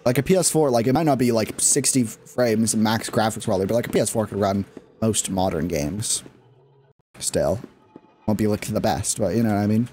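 A man's voice: fairly low pitch, normal speed, darkish tone, soft background music. A man giving casual, rambling commentary while streaming a game, restarting his sentences and breaking into laughs.

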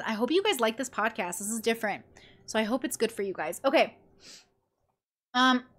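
A woman's voice: fairly high pitch, sharp tone. A tired woman hosting her own podcast, talking casually and animatedly, acting out friends and swearing freely. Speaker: podcast host.

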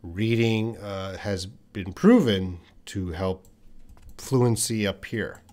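A man in his forties, an English teacher giving a live-streamed lesson. He repeats phrases slowly for pronunciation practice and talks in a relaxed way, thinking aloud while he answers chat comments. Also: on the low side.

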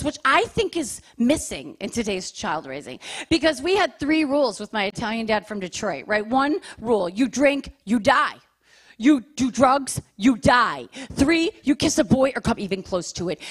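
Brief: female stand-up comic, high voice, punchy deadpan delivery, live stage mic. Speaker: stand-up comedian. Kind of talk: stand-up routine. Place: church comedy venue on stage.

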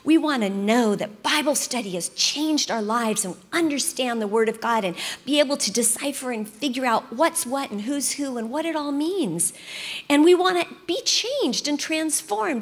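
Grandmotherly woman teaching in a reverberant hall. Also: high voice. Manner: warm storytelling, earnest and encouraging. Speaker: Bible study speaker. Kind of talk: sermon-style teaching talk. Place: large church hall.

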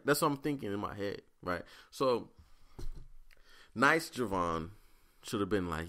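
Man, low voice, solo podcast host, profane, rambling storyteller. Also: lively intonation, measured pace, long pauses, sharp tone.

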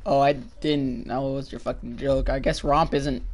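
A man streaming a game with friends, crude and joking and quick to laugh. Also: mid-range voice, fairly even intonation, a little mellow. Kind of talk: casual gaming chat.

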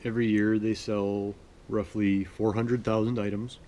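A man from Manitoba, Canada, chatting in a relaxed, rambling, self-deprecating way as host of his sewing vlog. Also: on the low side, moderate pace, slight background noise. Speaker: sewing vlogger. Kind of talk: relaxed casual chat.

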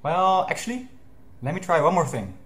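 Calm, teasing game voice. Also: male voice, a little high, moderate pace. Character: taunting male game voice, calm and mocking. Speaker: game narrator.

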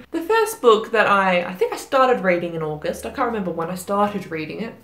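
A young woman talks through her month of reading in a loose, chatty vlog, poking fun at herself and scattering fillers. Her voice sits at an ordinary middle pitch. The room around her gives her voice a noticeable echo. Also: big pitch swings, moderate pace, fairly bright tone. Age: young adult. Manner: chatty and self-deprecating, with frequent fillers and laughs. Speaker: book vlogger.

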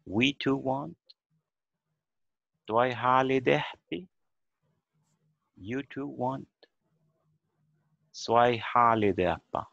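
Over a dull, lo-fi video call, a man teaches a beginner language class online, patiently and methodically splitting words into syllables. His mid-range voice is fairly bright with some vocal fry, and the recording is dry.

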